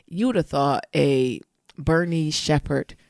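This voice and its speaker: A woman's voice: low-pitched, slow, darkish tone, no echo, studio quality. A woman co-hosting a podcast, teasing playfully and acting out voices as she tells stories. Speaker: podcast co-host. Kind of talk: casual chat.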